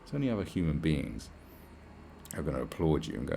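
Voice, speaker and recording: A man's voice: very deep voice, sing-song, a little fast, creaky, mellow, slight background noise. A man hosting a podcast, delivering a crude, sarcastic solo rant full of swearing and mocking put-on voices. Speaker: podcast host. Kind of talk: ranting monologue.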